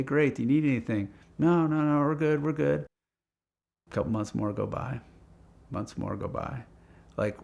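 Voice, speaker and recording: A man telling a casual story about a car project, acting out the phone calls in quick quoted lines. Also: fairly low pitch.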